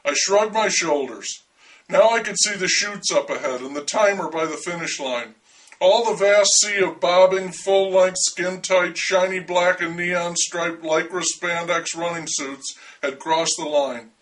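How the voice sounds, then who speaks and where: A man's voice: high-pitched, measured pace, a bit bright, distant mic, poor audio. A man narrating a first-person story in a dry, wry way.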